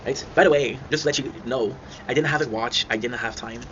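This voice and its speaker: A man's voice: mid-range voice, a little fast, a bit bright. A man telling rambling childhood stories to his viewers, often breaking into laughter. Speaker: channel host. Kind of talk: casual storytelling. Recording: dull lo-fi sound with clear noise.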